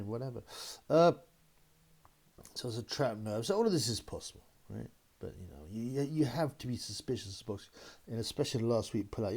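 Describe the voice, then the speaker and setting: Brief: male host, slightly low voice, loose rambling chat with laughs. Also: mellow. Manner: rambling, laughing, mocking impressions of critics. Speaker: boxing channel host. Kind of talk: casual solo commentary.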